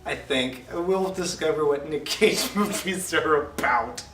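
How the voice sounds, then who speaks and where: A man co-hosting a casual movie review podcast, joking and acting out scenes in quick put-on voices. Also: fairly high pitch, fairly bright tone. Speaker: podcast co-host. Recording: roomy, distant mic with faint noise.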